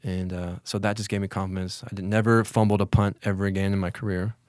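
Guy in his 40s, low-ish voice, chill reflective storytelling, lots of restarts, dry sound. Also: fast, no room sound. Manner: relaxed, reflective, many restarts and fillers. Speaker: interview guest, former college football player. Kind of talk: casual storytelling in an interview.

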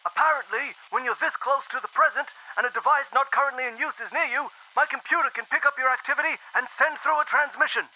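A man's voice: extremely high pitch, fast talker, hardly any pauses, pushed and bright, exaggerated voice. An actor playing an urgent male scientist calling through a crackling old radio speaker. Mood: hesitant. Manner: urgent, warning.

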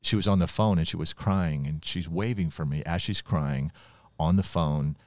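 A man from Ohio telling a personal testimony on a podcast, in an animated storytelling manner and chuckling often. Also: low voice, normal speed, dry recording. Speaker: preacher sharing his testimony.

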